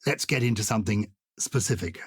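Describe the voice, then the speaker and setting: An older man co-hosting a podcast, explaining poetry with lively enthusiasm and reciting verse with emphatic rhythm. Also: on the low side, fairly quick, breathy edge, no echo, clean studio sound. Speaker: podcast co-host.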